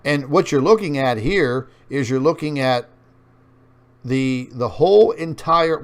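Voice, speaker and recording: A man hosting an online show, talking viewers through on-screen maps in a rambling way with many fillers, and addressing them as folks. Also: mid-range voice. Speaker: online news show host. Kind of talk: casual commentary over on-screen maps.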